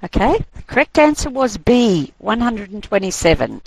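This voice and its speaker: A woman hosting a quiz on a course broadcast, reading the questions and options slowly and deliberately, often giggling. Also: medium pitch, sing-song, creaky, a little mellow, slightly rough, poor audio.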